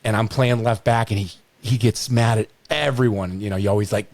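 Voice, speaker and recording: A man's voice: on the low side, steady tone, fairly quick, a little mellow, no echo. A middle-aged man hosting a podcast, telling stories in a rambling way, full of restarts and "you know.". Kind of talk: storytelling in casual chat.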